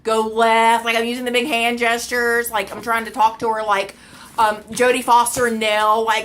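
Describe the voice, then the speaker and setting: Woman, casual storyteller, higher pitch, exasperated and animated. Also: moderate pace, a little hiss or hum. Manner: animated, exasperated, laughing, repeating herself. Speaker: vlogger.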